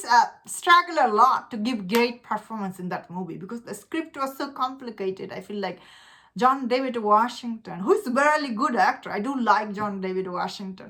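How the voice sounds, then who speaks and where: Bright-voiced chatty woman vlogger. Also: fairly high pitch. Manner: chatty, lots of filler words, laughs often. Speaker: movie blogger. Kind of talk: casual opinion commentary.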